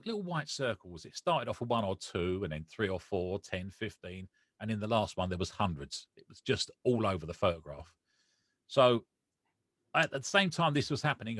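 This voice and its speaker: A man's voice: lowish voice, no echo, studio quality. A man, a podcast guest, telling a personal story with feeling and acting out the conversations he recalls. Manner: emotional, animated retelling with quoted dialogue.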